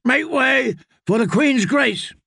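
A man's voice: very high-pitched, lively intonation, slow, gravelly, sharp tone, slightly rough, no room sound, studio quality, voice pushed up, full character voice. A man voicing a brash knight who bellows brusque orders at a crowd. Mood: bellowing.

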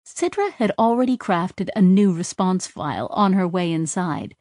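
This is a scripted audiobook read by a woman with a lowish voice, delivered in a measured, even way. There's no room sound, and the studio audio is clean.

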